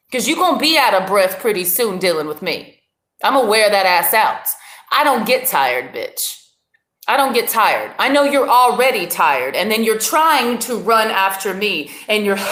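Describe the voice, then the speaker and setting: A woman's voice: fairly high pitch, a bit bright, echoey room. Combative woman ranting on a livestream. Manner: mocking, combative, sarcastic. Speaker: livestream host. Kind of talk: heated livestream rant.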